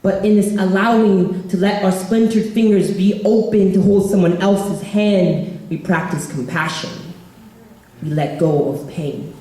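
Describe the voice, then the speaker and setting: A man's voice: sits high, steady tone, unhurried, mellow. A young man performing a spoken word poem with a rhythmic, emphatic delivery. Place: event hall. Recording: echoey hall.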